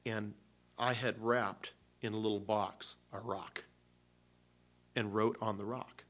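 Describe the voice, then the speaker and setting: A man's voice: lowish voice, fairly even intonation, slow pace, long pauses, fairly bright tone. A man preaching before communion, telling a personal story in a loose, emotional way with many restarts. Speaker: pastor.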